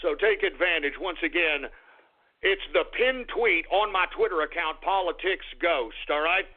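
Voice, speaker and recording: A man's voice: a little high, moderate pace. A man hosting a talk radio show, closing it with an exasperated, theatrical rant that curses at his listeners. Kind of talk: ranting talk radio sign-off. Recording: phone-like lo-fi radio stream.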